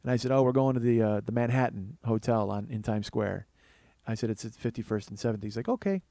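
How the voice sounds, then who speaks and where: A man telling a long comic story on his show, swearing often, starting in low murmurs and building to excited, rising outbursts. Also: fast, vocal fry, no room sound. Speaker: comedian and podcast host. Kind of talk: storytelling monologue.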